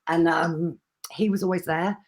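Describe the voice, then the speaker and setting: A woman's voice: on the low side, fairly even intonation, measured pace. A woman, chatting as a podcast guest, rambling with fillers and laughing often. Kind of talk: casual chat.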